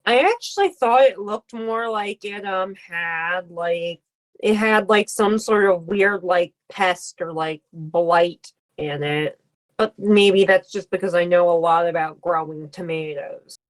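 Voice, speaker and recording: Slow-talking woman in casual chat. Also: lowish voice. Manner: slow, chatty, many fillers. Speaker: podcast co-host.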